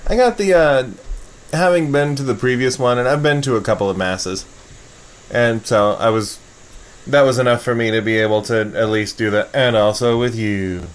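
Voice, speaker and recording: Male podcast host, mid pitch, rambling jokey casual chat. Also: normal speed. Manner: rambling, joking, frequent filler.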